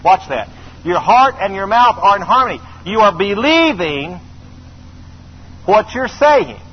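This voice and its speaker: Preaching with force, a middle-aged man repeats his phrases and urges the congregation to answer back. His high voice is unhurried and slightly breathy, swinging widely in pitch, on a slightly dull recording with faint noise.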